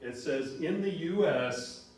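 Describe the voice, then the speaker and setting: Middle-aged male algebra instructor, animated lecturer, recorded far from the mic in a very echoey room. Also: fairly high pitch, takes it slowly. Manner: animated, bursts into shouts on key words. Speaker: college math instructor.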